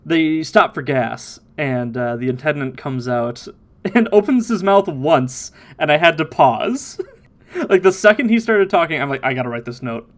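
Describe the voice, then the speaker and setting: A man hosting a relaxed podcast, recapping an episode with lively energy. He laughs often and drops into playful bits of mimicry. His voice sits a little on the high side. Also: a little slow. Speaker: podcast host. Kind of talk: casual recap chat.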